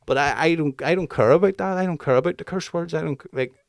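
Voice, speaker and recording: A man's voice: a little high, fast talker, vocal fry, no room sound, clean studio sound. A man, co-hosting a casual talk show and telling stories about his kids with plenty of swearing. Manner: swears freely, animated storytelling. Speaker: podcast co-host. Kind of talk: casual chat.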